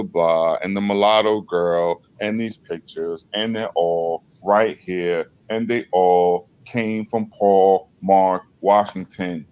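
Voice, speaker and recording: A man with a fairly low voice hosts his own channel, moving between relaxed talk and reading passages aloud. His delivery is loose and conversational, with apologetic asides and the odd swear word. His pace is often slow and unhurried. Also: smooth. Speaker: channel host. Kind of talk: casual commentary, reading aloud from a page.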